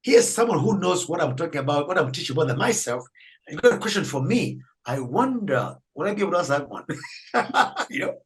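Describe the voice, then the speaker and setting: A man with a slightly high voice tells his story with a lot of energy. He acts out each person in it and laughs as he goes, and his pitch jumps around. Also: a little fast, rough recording. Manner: animated storyteller, acts out dialogue, laughs often. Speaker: Catholic priest guest. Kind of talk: storytelling in a faith interview.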